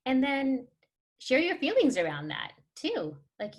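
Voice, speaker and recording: A woman leads a parenting workshop in a relaxed, conversational voice. She fills her talk with ums and little laughs and slips into acted-out everyday scenes to make her points. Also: high-pitched, unhurried. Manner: chatty, many fillers, laughs and acts out scenes. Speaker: workshop presenter.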